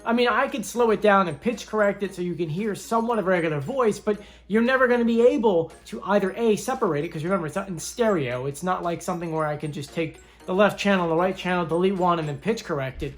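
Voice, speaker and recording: A woman's voice: mid-range voice, expressive, fairly quick, soft background music. Chatty woman thinking aloud. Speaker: video host. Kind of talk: casual commentary.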